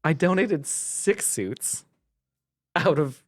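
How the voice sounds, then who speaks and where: Guy cohosting a podcast, super expressive voice, laughs a lot, mock offended. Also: a little high, dry recording, studio quality. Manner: animated, quick to laugh, playfully indignant. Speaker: podcast co-host. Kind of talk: casual chat.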